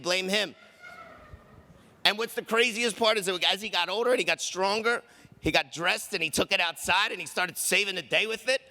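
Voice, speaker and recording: A man doing stand-up at a conference plays to the audience in a bright, forceful voice that sits slightly high for a male. His style is loose and conversational, and he slips into rapid impressions of quoted voices while riffing.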